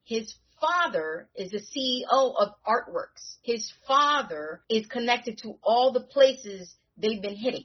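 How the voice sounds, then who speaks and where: A woman co-hosting a podcast who recaps a TV show in casual chat, telling the story in an animated way with slang. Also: mid-range voice. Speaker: podcast co-host. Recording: dull lo-fi recording.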